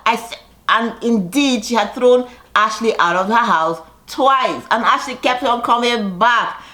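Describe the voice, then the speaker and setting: A woman's voice: on the high side, measured pace. Chatty woman recapping reality TV. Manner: chatty, gossipy, animated when quoting. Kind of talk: casual recap commentary.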